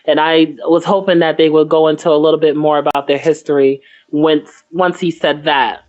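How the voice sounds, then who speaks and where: A woman with a fairly low voice co-hosts a casual podcast. She drifts through her notes with plenty of ums and asides. The audio is muffled and lo-fi. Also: little pitch movement, moderate pace, darkish tone. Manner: rambling, reads from notes, many fillers. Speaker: podcast co-host. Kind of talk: casual TV recap chat.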